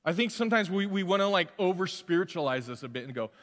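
A middle-aged man delivers a sermon as a pastor in a church sanctuary. His voice sits high and he talks in an animated, conversational way, slipping into quoted voices. The hall gives a long, ringing reverb. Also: fast, few pauses.

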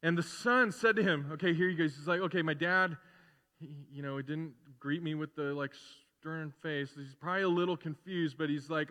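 Guy preaching, high bright voice, acts out the characters, loose and chatty. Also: moderate pace, long reverb tail. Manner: animated, acts out characters, conversational asides. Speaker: pastor. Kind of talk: sermon.

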